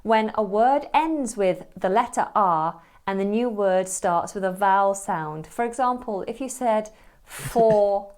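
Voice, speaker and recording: A woman narrating an accent tutorial in a measured, explanatory way. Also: medium pitch, a little mellow.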